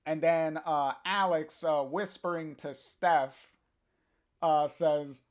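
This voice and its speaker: A man casually reading a comic aloud on a livestream, halting with many fillers and chuckling to chat. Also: fairly high pitch, fairly even intonation, darkish tone, clean tone.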